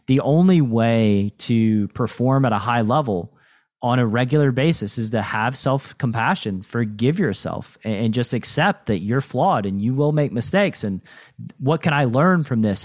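Medium-pitched and a little mellow, this man's voice is expressive and moderately paced. He's a podcast host in a casual interview chat, reflective and coaching, regularly tossing in "right?".

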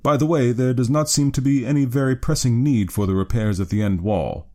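A man reading an audiobook, voicing a cool, calculating detective in a measured, clipped way. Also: mid-range voice, darkish tone, close to an everyday voice. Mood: calm.

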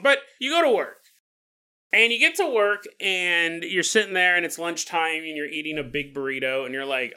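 A man hosting a podcast, telling a joking story with frequent laughs in a playful, animated way. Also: a little high, moderate pace, clean tone. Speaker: podcast host. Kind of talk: comedic storytelling monologue.

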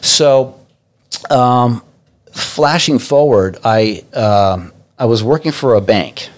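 Middle-aged guy telling a crazy story on a podcast, swears a lot, does the voices, medium pitch. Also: takes it slowly. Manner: animated, profane, acts out quoted voices. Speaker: guest. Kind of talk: casual storytelling.

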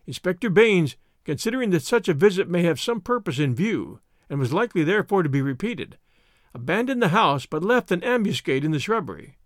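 A man reading a detective story aloud in a steady, measured storytelling manner. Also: high-pitched, dry recording, clean studio sound. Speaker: audiobook narrator. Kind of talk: scripted story narration.

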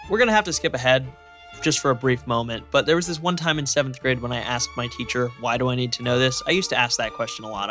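A young man hosts his podcast in a lively, opinionated narration. His voice sits a little high, and a faint music bed plays beneath him. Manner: animated, opinionated. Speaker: podcast host.

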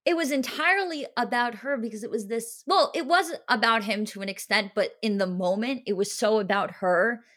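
Bright-voiced young woman chatting emotionally. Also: a little high, moderate pace, hardly any pauses. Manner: emotional, rambling storytelling with many fillers. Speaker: podcast co-host. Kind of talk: casual chat.

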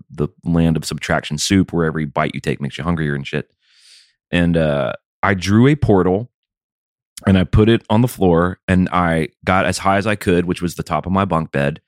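Deep-voiced man in wry rambling chat. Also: dry recording, clean studio sound. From American South. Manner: rambling, wry, profane storytelling. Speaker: podcast co-host. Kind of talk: casual chat.

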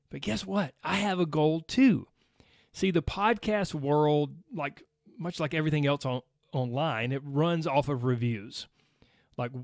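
A man talks straight to his podcast listeners in a relaxed, chatty way, laughing easily between points. His voice sits a little high for a man. The sound is dry and close, with no room around it. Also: dry recording. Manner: chatty, animated, laughs often. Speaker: podcast host. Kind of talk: casual solo podcast talk.

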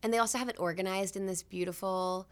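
A woman's voice: medium pitch, steady tone, fast talker, smooth. A young woman guest in a casual chat, enthusiastic and talkative with many fillers.

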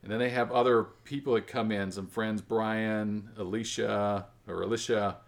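A low-pitched man chatting loosely as the host of a family tabletop game podcast. He rambles and corrects himself as he goes. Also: fairly even intonation, normal speed. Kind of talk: casual chat.

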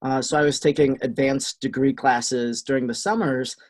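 A man with a Wisconsin accent, a guest answering in a steady, explanatory way. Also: mid-range voice, moderate pace. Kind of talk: casual interview answers.

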